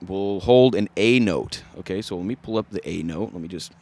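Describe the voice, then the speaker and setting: A man's voice: low voice, a little fast, a little mellow. A man giving a casual, easygoing singing tutorial as a vocal coach.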